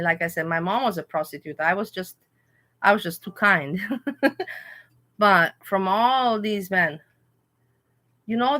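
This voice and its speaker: A woman hosting a livestream shares personal stories in a casual chat, speaking candidly, emotionally, and with plenty of rambling. Her mid-range voice has a sharp tone.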